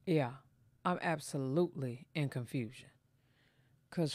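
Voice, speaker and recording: Sassy low-voiced woman host. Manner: sassy, drawn-out asides. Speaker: gossip show host. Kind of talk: casual commentary.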